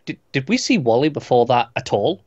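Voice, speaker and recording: A man co-hosting a podcast in casual chat, halting and repeating words as he gets going. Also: mid-range voice, big pitch swings, darkish tone, no room sound, dull audio. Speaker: podcast co-host.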